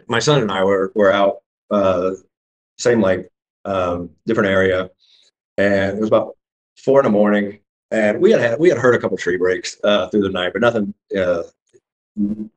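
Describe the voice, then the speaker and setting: A middle-aged man telling his own story in casual speech, halting and full of restarts as he acts out what was said. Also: fairly low pitch. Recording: dull lo-fi recording.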